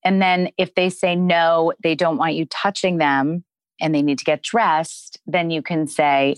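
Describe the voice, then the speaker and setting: A woman who is a parenting expert, calmly explaining discipline in a podcast Q&A and modelling kind phrases to say to children. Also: deep voice, a little slow, clean tone, dry recording. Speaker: parenting expert answering listener questions. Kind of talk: podcast advice Q&A.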